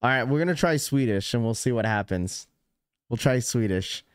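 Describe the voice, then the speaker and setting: A man's voice: medium pitch, expressive, moderate pace, noisy background. A man hosting a live stream, talking casually and rambling to his chat. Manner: rambling, chatty, talks straight to chat. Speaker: livestream host.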